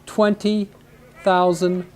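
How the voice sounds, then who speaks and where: A man commentating a local high school lacrosse game, telling stories and chatting in the booth. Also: little pitch movement, slow. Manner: chatty, storytelling, repeats words when starting. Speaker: sports commentator. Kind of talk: casual booth chat between plays.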